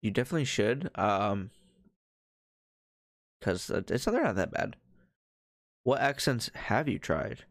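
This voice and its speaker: A man's voice: medium pitch, sing-song, a little slow, long pauses, no room sound, studio quality. A man co-hosting a podcast in casual chat. He talks in a laid-back, musing way and often trails off. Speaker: podcast co-host.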